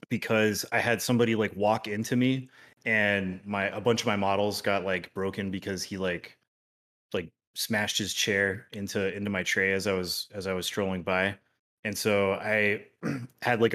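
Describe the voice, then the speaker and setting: A man speaks as a guest on a casual gaming podcast. He talks in a slightly low voice, easygoing and rambling, with many "uh"s and "like"s as he tells his story. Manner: relaxed and rambling, many "uh" and "like" fillers. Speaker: podcast guest and competitive tabletop player.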